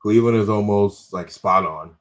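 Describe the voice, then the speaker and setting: A man's voice: on the low side, moderate pace, over a noisy crowd. A man, a comedian guest on a podcast, telling rambling stories in casual chat and correcting himself as he goes. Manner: rambling anecdotal storytelling with self-corrections.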